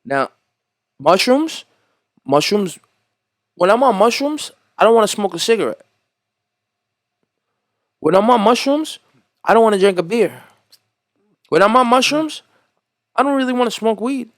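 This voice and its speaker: A man hosting a casual podcast, animated and freely profane as he tells stories. His voice sits a bit high and sounds dry and close. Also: unhurried, long pauses, dry recording. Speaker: podcast host. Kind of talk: casual chat.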